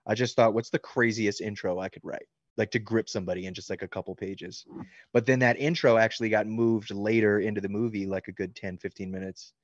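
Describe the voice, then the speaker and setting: A man's voice: fairly low pitch, fairly even intonation, a little fast, no echo, highs cut off. Rambling man, casual and loose. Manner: loose and rambling, many likes and ums, laughs easily. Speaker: author answering fan questions. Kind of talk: casual interview chat.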